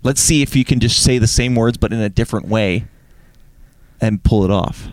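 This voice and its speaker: A man's voice: medium pitch, moderate pace, no echo. A man co-hosting a casual comedy podcast, teasing and mock-earnest as he breaks down a voicemail. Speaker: podcast co-host.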